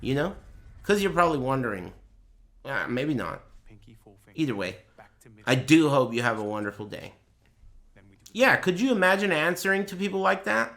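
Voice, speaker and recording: A male streamer talking to his chat through a desk mic, animated and profane. His voice sits a little high and leaps around, and it has a bright, sharp edge as he mocks and jokes. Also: moderate pace, long pauses. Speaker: streamer reacting to a tournament. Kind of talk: casual livestream rant.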